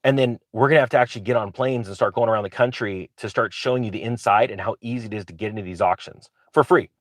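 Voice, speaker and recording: A man hosting his own channel, talking casually to camera in an excitable, rambling way with frequent restarts. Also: on the low side, fast, dry recording. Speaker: real estate investor and channel host.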